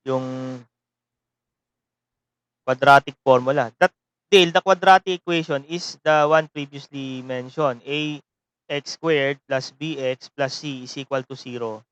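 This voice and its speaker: A man's voice: medium pitch, steady tone, measured pace, fairly bright tone, clear, resonant tone, no room sound, lo-fi sound. A man with a Filipino accent lecturing an online seminary math class, rambling and tagging phrases with a questioning "no?". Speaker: seminary mathematics teacher.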